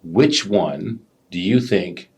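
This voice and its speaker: A man co-hosting a casual business podcast, an animated storyteller who acts out customers' voices. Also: deep voice, slow, slightly rough. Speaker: podcast co-host, business owner.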